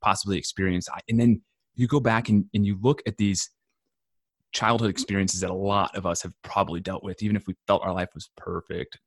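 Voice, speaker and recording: A man's voice: deep voice, steady tone, brisk, no echo, studio quality. A man hosting a podcast from his home office, chatting casually and rambling with lots of restarts and "right?" tags. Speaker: podcast host. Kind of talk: casual interview chat.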